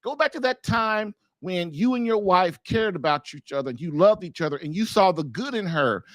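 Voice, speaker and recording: Emphatic high-voiced man giving blunt advice. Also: expressive, moderate pace, fairly bright tone, dry recording. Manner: emphatic, informal, repeats points with rhetorical questions. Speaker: marriage coach and podcast host. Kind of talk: casual advice monologue.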